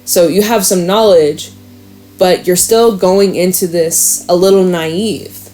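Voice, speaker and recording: A woman giving a casual tarot reading, chatty and excitable, swearing and laughing now and then. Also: on the low side, takes it slowly. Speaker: tarot reader.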